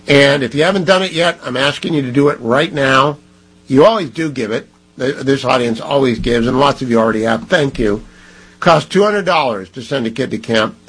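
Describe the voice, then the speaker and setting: Male talk radio host, middle-aged, husky, pushes the ad copy hard. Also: fairly high pitch, a bit bright, poor audio. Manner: emphatic, repeats phone numbers. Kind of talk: radio host reading live ads. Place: radio studio.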